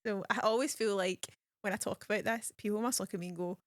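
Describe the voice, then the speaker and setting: A woman hosting a podcast while being interviewed, chatting casually and telling stories in lively slang. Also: medium pitch, fast, no echo, clean studio sound. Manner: chatty, animated storytelling with slang. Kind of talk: casual chat.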